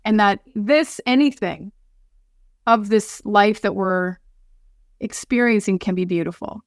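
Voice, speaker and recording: A woman's voice: medium pitch, a little slow, no echo, clean studio sound. A woman guest on a podcast, speaking earnestly and from the heart, often restarting her sentences.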